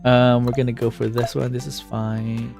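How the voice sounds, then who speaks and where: A man's voice: mid-range voice, little pitch movement, normal speed, gravelly, over music. Chatty, laughing male game streamer. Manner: chatty, laughing, self-deprecating. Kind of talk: casual gameplay commentary.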